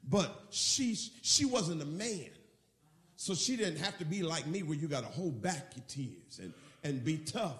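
A man's voice: fairly high pitch, unhurried, echoey room. A man preaching a sermon as pastor, acting out the scene as he tells it. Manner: animated, acts out the scene in storytelling.

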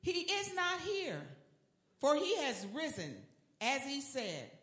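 Lively high voice reading scripture in a roomy hall. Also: slow. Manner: echoing the preacher's calls. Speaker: congregation and scripture reader. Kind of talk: responsive reading.

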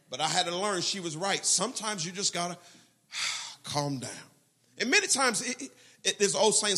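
Man, pastor preaching, high lively voice, bright, husky. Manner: animated preaching, quoting prayers and scripture with shifting intensity. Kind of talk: sermon.

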